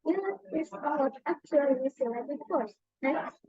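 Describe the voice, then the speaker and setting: A woman student giving a class presentation, reading from notes in a halting way and repeating words. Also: high-pitched, animated, dry recording, dull audio.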